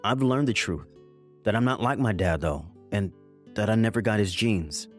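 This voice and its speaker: Close to an everyday voice, fairly low and at normal speed, this actor portrays an evasive husband who defends himself, soothes and waves off complaints while trying to keep his mother happy. Faint music plays in the background.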